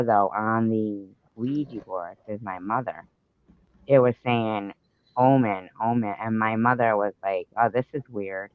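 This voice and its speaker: A man's voice: mid-range voice, clean tone, no echo. Rambling man telling stories, lo-fi. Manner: rambling, swears, many fillers. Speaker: live stream host. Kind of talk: casual chat, storytelling.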